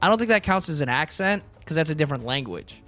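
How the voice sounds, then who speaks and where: A man's voice: fairly high pitch, lively intonation, fast talker, a bit bright, faint music behind. A young man streaming live, chatting casually with his chat in a blunt, crude, rambling way.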